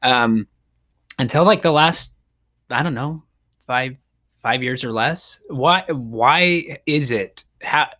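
A man's voice: mid-range voice, slow, pushed and bright. A man co-hosting a podcast in casual chat, often stopping to restart and repeat his words. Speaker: podcast co-host.

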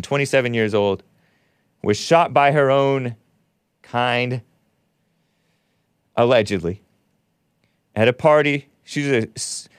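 A man's voice: mid-range voice, dry recording, clean studio sound. A man hosting a call-in radio show, talking bluntly and combatively, with scornful remarks and short dismissive laughs. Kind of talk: call-in talk radio monologue.

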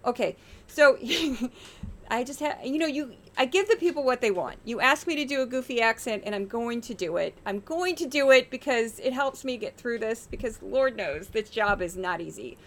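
A woman's voice: on the high side, lively intonation, normal speed, fairly bright tone. A woman hosting a podcast, giving sarcastic, exasperated political media commentary. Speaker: podcast host.

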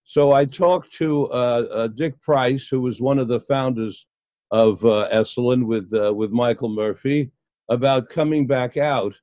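A man's voice: mid-range voice, measured pace, a little mellow, no echo. Older man telling a hesitant story. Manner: hesitant, many fillers. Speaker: guest psychologist. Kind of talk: storytelling in an interview. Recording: dull, dry lo-fi sound.

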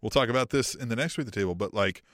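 A man co-hosting a podcast in casual chat, animated, swearing freely and acting out lines. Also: medium pitch, rapid-fire, dry recording, studio quality. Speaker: podcast co-host.

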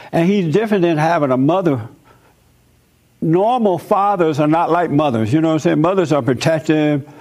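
A man's voice: fairly high pitch, warm tone. Man preaching in a folksy way. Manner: conversational, folksy, with personal stories. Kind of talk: informal sermon.

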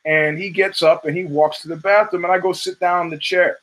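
An American show host delivers a loose, foul-mouthed monologue, telling stories and performing the voices of the people he quotes. His voice is somewhat higher than the typical man's, and he speaks fairly fast with lively energy on a rough recording.

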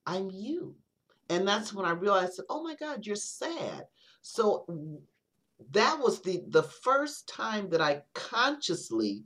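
Give me a low-voiced reflective woman poet. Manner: reflective, halting with many restarts. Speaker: interview guest, poet. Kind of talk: casual conversation.

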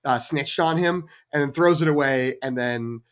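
A man co-hosting a casual film review podcast, retelling scenes with quoted lines and lively storytelling. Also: medium pitch, moderate pace, smooth. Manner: animated storytelling with quoted voices. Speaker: podcast co-host.

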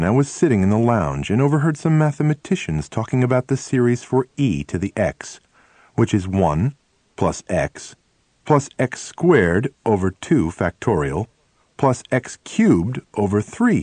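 Man, audiobook narration, first-person memoir, lowish voice, very animated pitch, expressive storytelling, close dry mic. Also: no echo.

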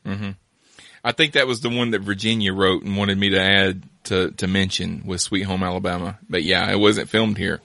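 A male host with a lowish, bright, forward voice chats casually and drifts into asides, laughing often. The sound is close and dry. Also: steady tone, moderate pace, creaky, no echo. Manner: chatty, laughs easily, rambling asides. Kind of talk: casual chat.

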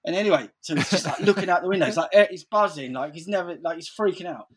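A man's voice: high-pitched, fast talker, background noise. A man telling stories in casual chat, rambling, swearing freely and saying "like" constantly.

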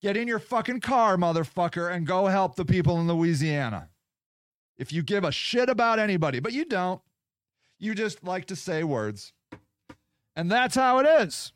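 A man hosting a podcast, delivering a profane, combative political rant that swings between loud jabs and muttered asides. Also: sits high, big pitch swings, normal speed, no echo, studio quality. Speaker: podcast host.

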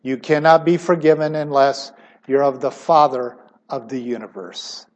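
A middle-aged man preaching a sermon emphatically, his voice swinging suddenly between loud stressed words and quiet asides. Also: medium pitch, moderate pace.

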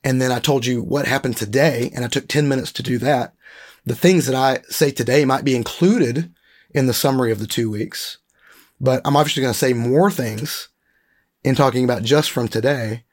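A man teaching a Bible lesson, reading scripture passages slowly and deliberately, then explaining them in a casual way with frequent fillers. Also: mid-range voice.

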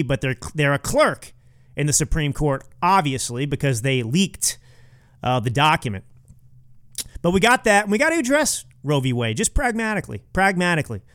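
A man's voice: a little high, fairly bright tone. Sarcastic male political podcast host. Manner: sarcastic, mocking asides. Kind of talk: opinionated political commentary.

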